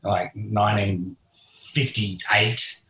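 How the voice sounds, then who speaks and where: A man's voice: fairly low pitch, fairly even intonation, extremely slow, bright, forceful tone. A male guest musician telling stories casually in an interview, rambling with frequent restarts. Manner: rambling, many restarts and "you know". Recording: roomy echo.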